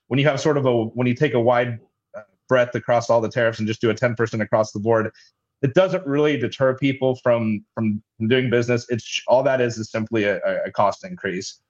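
A man's voice: medium pitch, steady tone, a little fast, muffled recording. A man, head of a logistics company, explaining things in a businesslike way as an interview guest. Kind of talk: interview answers.

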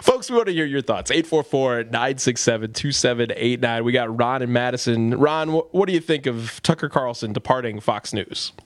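A man hosting a call-in talk radio show, chatty, taking calls and riffing with quick asides. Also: mid-range voice, dry recording.

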